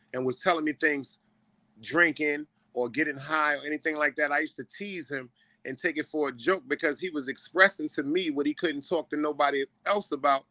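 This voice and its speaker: A man's voice: on the high side, sharp tone, dry recording. A man in casual chat, telling an emotional story earnestly and often repeating his words.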